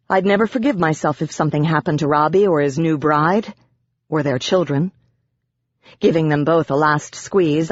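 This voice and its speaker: An audiobook narrator reading a dark urban fantasy in the first person with a wry, dry storytelling manner. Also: medium pitch, dry recording, dull audio.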